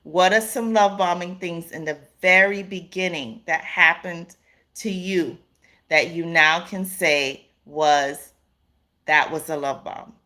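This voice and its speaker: Low-voiced woman chatting on a live stream. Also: takes it slowly, pushed and bright. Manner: emphatic and repetitive, greets chat viewers by name. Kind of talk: casual live-stream talk.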